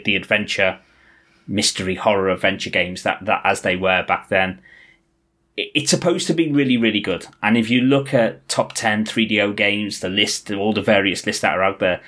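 A man's voice: lowish voice, moderate pace. A man co-hosting a podcast, chatting enthusiastically about retro games. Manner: enthusiastic, animated. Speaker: podcast co-host.

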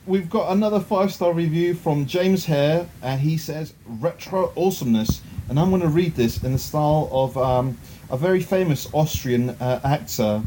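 Podcast host, enthusiastic, casual chat, darkish mellow voice, faint hiss. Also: male voice, on the high side, normal speed. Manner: chatty, enthusiastic, laughs easily.

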